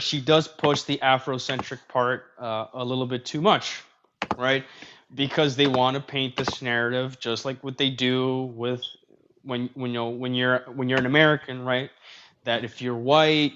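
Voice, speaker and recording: A man's voice: medium pitch, fairly even intonation, moderate pace. A man hosting a casual podcast chat, talking in an opinionated, rambling way with restarts. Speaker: host. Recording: slightly dull audio with faint noise.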